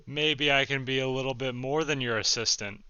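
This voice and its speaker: A young man giving jokey, excitable commentary while chatting with a chatbot, with sudden loud outbursts. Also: medium pitch, moderate pace, clear, resonant tone, no echo, highs cut off. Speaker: comedy YouTuber. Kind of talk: casual reaction commentary.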